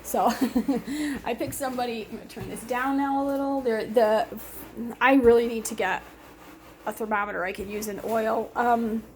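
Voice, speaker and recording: A woman's voice: fairly high pitch, fairly even intonation, moderate pace, darkish tone, a little hiss or hum. A middle-aged woman hosting a casual home cooking demonstration in her kitchen. She rambles chattily through asides and laughs often. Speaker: home cooking show host.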